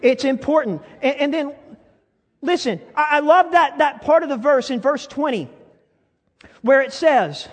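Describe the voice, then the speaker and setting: A man's voice: very high-pitched, measured pace. A male pastor preaching a sermon, earnest and building to fervent appeals with many rhetorical questions. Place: church hall. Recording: long hall reverb.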